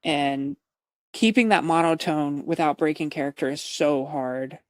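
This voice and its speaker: A woman's voice: sits low, a little slow, dry recording, studio quality. A woman streamer chatting casually to her viewers, laughing often and swearing as she retells a roleplay scene.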